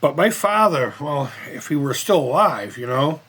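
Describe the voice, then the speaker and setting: Male vlog host, husky tone, animated pitch; loose, rambling reaction chat with frequent swearing. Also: normal speed. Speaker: host of a retro gaming and movie channel. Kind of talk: casual reaction commentary.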